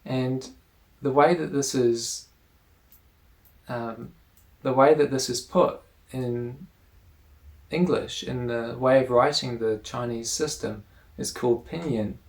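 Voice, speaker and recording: Male teacher, slow unhurried delivery, calm explanatory lesson tone. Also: mid-range voice. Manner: measured and patient, explaining step by step.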